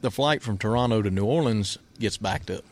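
A man's voice: fairly low pitch, a little fast. A man telling a hunting trip story in a casual, folksy way, often laughing and repeating himself.

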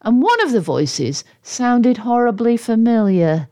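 A woman narrates a children's storybook slowly and expressively. Her pitch rises and falls a lot, and her tone is playful. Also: expressive, dark tone. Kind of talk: storybook read-aloud narration.

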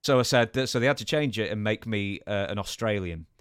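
A man's voice: on the low side, animated, fairly quick, smooth, dry recording, clean studio sound. A man with an English accent co-hosting a podcast, chatty and self-deprecating in casual talk. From England. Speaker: podcast co-host. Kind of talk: casual chat.

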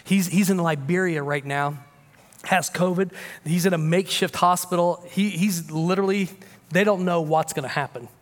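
A man's voice: high voice, moderate pace, big-room sound. A man pastor preaching a sermon, swinging between emphatic declarations and casual, confiding talk.

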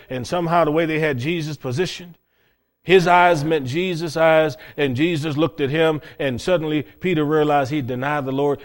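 A man preaching a folksy, plain-spoken sermon with storytelling, swinging between loud and hushed passages. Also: fairly high pitch.

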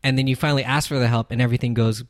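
A man's voice: medium pitch, fairly even intonation, very fast, no room sound, studio quality. A man who teaches dance, chatting casually in a laid-back, slangy way and laughing often. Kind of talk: casual chat.

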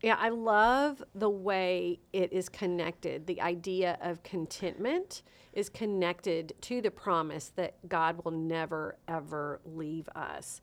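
A woman's voice: lowish voice, slow pace, hardly any pauses. A woman co-hosting a faith podcast who reads scripture aloud with earnest, building emphasis. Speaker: podcast co-host and coach.

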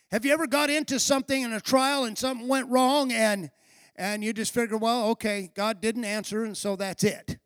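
High-pitched gravelly pastor preaching, retells the story with voices for the people in it and ramps up into shouting, dry close sound. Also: male voice, dry recording. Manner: storytelling, acting out dialogue, building to shouted emphasis. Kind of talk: sermon.

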